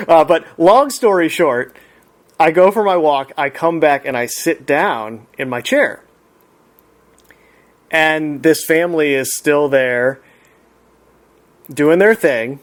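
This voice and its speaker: Man, slightly high voice, reflective storyteller, unhurried, laughs often.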